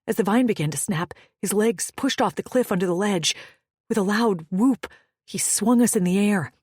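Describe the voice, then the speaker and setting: A woman reading a first-person fantasy romance audiobook with dramatic delivery, turning breathless at the peaks and hushed in quiet moments. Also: on the low side, husky, no room sound, clean studio sound. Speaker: audiobook narrator.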